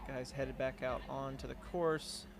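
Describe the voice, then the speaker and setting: A man's voice: medium pitch, fairly even intonation, unhurried, creaky, over music. A man commentating live on a race livestream, calling runners in an easygoing way. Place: outdoors at a race aid station.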